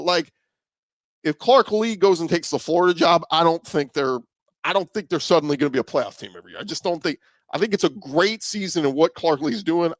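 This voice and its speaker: A man's voice: on the high side, no echo. A man hosting a casual live stream, rambling and sarcastic as he reads out and reacts to viewer comments. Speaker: podcast host reacting to live chat.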